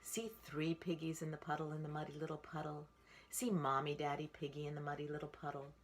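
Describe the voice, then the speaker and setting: Low-voiced woman reading a picture book aloud. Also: completely flat delivery, fairly quick. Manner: rhythmic, singsong read-aloud. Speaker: storytime reader.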